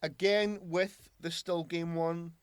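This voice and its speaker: A man's voice: a little high, steady tone, takes it slowly, clean tone, no room sound. A man co-hosting a podcast, bantering in a teasing, playful way. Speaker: podcast co-host. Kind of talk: casual chat.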